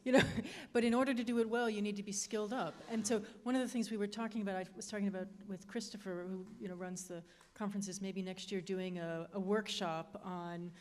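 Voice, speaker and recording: A woman's voice: medium pitch, flat delivery, brisk, hardly any pauses, darkish tone. A woman on a discussion panel, chatty and informal, with light asides.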